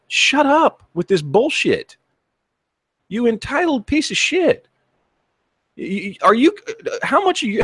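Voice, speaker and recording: A man's voice: on the high side, no room sound, studio quality. A man hosting his own channel, delivering a heated, profane rant to camera and repeating himself as he goes. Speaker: channel host.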